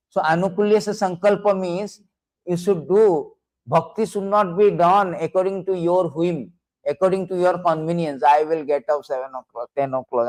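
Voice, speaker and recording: Give me a man lecturing on devotion in non-native English, emphatic and repetitive, slightly high voice. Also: a little mellow, rough recording. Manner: repetitive, emphatic explaining with quoted scripture. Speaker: preacher.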